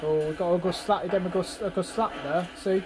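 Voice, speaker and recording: A man's voice: high-pitched, steady tone, fast talker, rough recording. A man giving casual reaction commentary over fight footage, chatty and constantly prompting the viewer to look.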